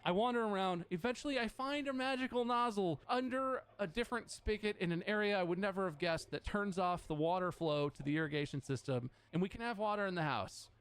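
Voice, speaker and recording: Animated man ranting, swearing a lot. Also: high voice, brisk, few pauses, smooth. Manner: animated, swears a lot, acts out both sides of the story. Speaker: streamer. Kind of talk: casual storytelling rant.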